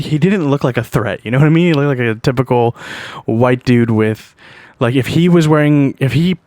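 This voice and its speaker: A man's voice: medium pitch, darkish tone, no room sound. Profane young Canadian man telling stories. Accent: Canadian English. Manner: profane, loose, heavy on "like" and "you know what I mean". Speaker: podcast host. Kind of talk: casual storytelling monologue.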